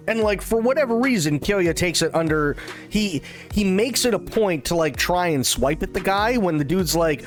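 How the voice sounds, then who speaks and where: An irreverent man on a live stream retells a film with lots of swearing and sarcasm. His voice sits fairly high and swings widely in pitch, with faint music underneath. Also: sing-song, normal speed.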